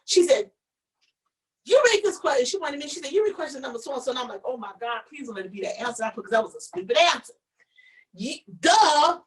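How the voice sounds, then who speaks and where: A woman co-hosts a casual live-stream chat. She tells a story with animation and stumbles over repeated words. Her voice sits a bit high and sounds distant from the mic. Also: lively intonation, quick pace. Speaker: show co-host.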